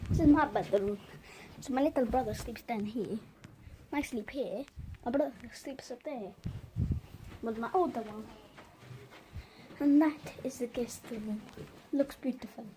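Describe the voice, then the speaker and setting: A woman's voice: a little high, a little slow, long pauses, background noise. A woman casually walking through a house on a phone camera, chatting and joking as she shows each room. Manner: chatty, jokey, giggly. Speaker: vlogger giving a home tour. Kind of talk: casual tour walkthrough. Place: inside a house, moving from room to room.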